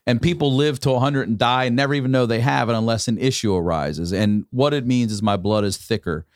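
A man's voice: mid-range voice, a little fast, no echo, studio quality. A man in his forties, a podcast host, telling a long profane story in casual chat. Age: 40s. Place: podcast studio.

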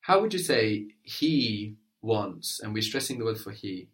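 A man's voice: lowish voice, very animated, fairly quick, fairly bright tone. A man teaching a language lesson, patiently prompting and encouraging his student.

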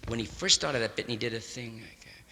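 Sharp, gravelly stand-up comedian in a hall. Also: male voice, mid-range voice, quick pace. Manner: rambling hip jazz slang, drops "man" often. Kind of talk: improvised stand-up monologue. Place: large concert hall stage before a live audience. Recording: live 1961 concert hall recording with reverb and faint hiss.

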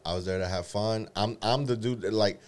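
A man in casual chat, swearing often and acting out loud rants as he tells stories. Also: fairly low pitch, a little fast. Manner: profane, animated storytelling with loud acted-out rants.

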